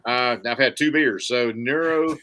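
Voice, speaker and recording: A man's voice: mid-range voice, measured pace, sharp tone. A man chatting on a podcast, rambling with many restarts and folksy sayings. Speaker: podcast co-host. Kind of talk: casual podcast chat.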